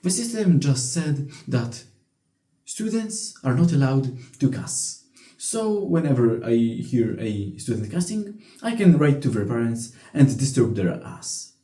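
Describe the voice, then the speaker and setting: Young man, blunt profane rant, very dark voice, echoey room. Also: medium pitch. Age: young adult. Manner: blunt, profane, frequent restarts. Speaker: vlogger. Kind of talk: casual storytelling rant.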